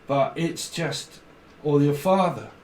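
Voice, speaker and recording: A man's voice: on the high side, slow, a little mellow, echoey room, distant mic, a little hiss or hum, poor audio. A man giving a casual tarot reading, rambling and blunt, swearing freely. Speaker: tarot reader.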